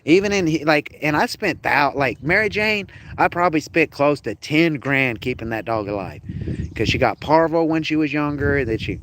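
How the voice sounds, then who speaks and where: A man's voice: on the high side, animated, moderate pace, fairly bright tone, a little hiss or hum. A man, ranting on a casual livestream outdoors, heated, profane and rambling while grieving his dog. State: grieving, upset.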